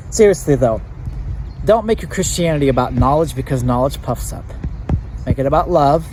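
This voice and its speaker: Man, high voice, casual preaching, emphatic, repeats catchphrases, light background noise. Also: a little mellow. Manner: emphatic, repeats slogans, laughs at own lines. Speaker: church talk host.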